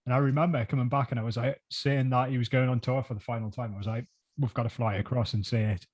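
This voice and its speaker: A man's voice: medium pitch, steady tone, fast, a little mellow, lo-fi sound. A man with a British accent, hosting a podcast and rambling his way into a casual interview question. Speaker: podcast host.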